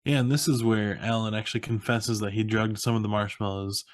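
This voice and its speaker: A young man co-hosting a podcast, casually recapping a film in an animated way, acting out quotes and laughing often. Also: on the low side, fairly quick, no room sound, studio quality. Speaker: podcast co-host. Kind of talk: casual movie recap chat.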